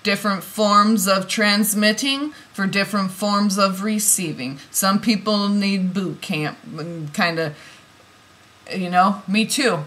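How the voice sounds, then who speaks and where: A woman giving an oracle card reading, musing softly and then bursting into heated, swearing rants. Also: medium pitch, slow. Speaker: tarot reader.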